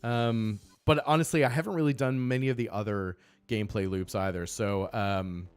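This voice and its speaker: A man's voice: lowish voice, fairly even intonation, normal speed, few pauses, clean tone, dry recording. A man chatting casually on a game live stream, upbeat and greeting viewers by name.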